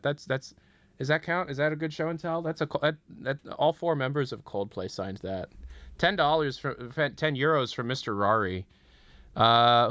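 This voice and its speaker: A man's voice: mid-range voice, fairly bright tone, no room sound. American man rambling on a live stream. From United States. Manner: rambling, jokey, reads donations aloud. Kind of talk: casual live-stream chat, reading chat. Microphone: desk mic.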